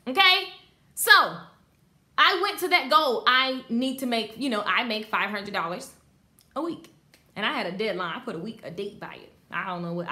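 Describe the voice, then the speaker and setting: A high-voiced woman, a beauty business coach, teaches a live online class to hairstylists. She speaks directly to her viewers with animated emphasis and reads out the comments they send.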